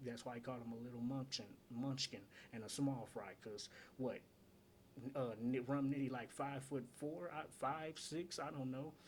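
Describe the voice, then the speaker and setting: Give me a man at a middle pitch casually explaining battle rap punchlines, with faint noise in the background. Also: steady tone, normal speed. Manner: repeats lines and explains jokes, asks "get it?". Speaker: battle rap breakdown host. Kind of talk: casual commentary breaking down rap lyrics.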